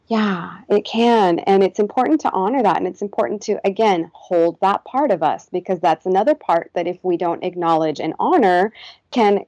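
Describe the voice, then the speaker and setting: A woman therapist, a guest on a podcast, speaking in a gentle, reflective way and soothing when she models kind self-talk. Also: medium pitch, normal speed, no room sound, low-quality recording. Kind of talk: podcast interview.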